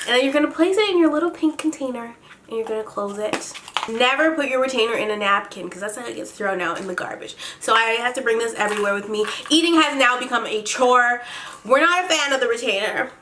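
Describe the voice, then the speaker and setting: A young woman from Canada, chatty and excitable, telling a story on her vlog. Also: a little high, slight background noise. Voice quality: slight lisp from a retainer. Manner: chatty, excitable, heavy use of "like". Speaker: beauty vlogger.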